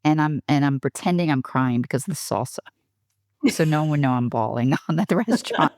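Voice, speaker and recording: A woman's voice: deep voice, lively intonation, fairly quick, a little mellow, no room sound. A middle-aged woman, a guest on an interview podcast, telling frank, self-deprecating stories and acting out the dialogue. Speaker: guest, HR executive. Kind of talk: candid podcast storytelling.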